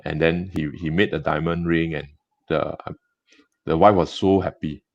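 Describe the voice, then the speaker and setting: A man's voice: a bass voice, fairly even intonation, creaky, no room sound. Singaporean guy, gem shop owner, chatty rambly stories full of restarts, dull dry lo-fi sound. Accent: Singaporean English. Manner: chatty, halting with many restarts and fillers. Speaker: gem and jewelry business owner. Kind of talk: casual interview storytelling.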